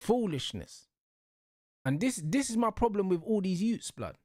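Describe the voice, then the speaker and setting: A man's voice: high voice, sing-song, normal speed, warm tone, no echo, studio quality. Heated young man ranting. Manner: heated, repetitive, slangy ranting. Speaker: show host. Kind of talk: casual football rant.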